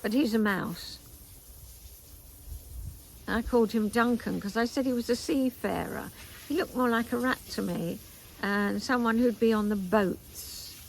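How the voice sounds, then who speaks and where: An older woman hosting a knitting vlog, chatting in a meandering way with asides and pauses, outdoors in a garden. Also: fairly high pitch, gravelly, slight background noise, low-quality recording. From England. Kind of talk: casual chat to camera.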